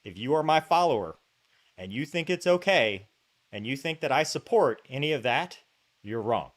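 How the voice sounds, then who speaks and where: Male podcast host, casual storyteller, mid pitch, chatty with many asides. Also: moderate pace. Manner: animated anecdote-telling, full of fillers and asides.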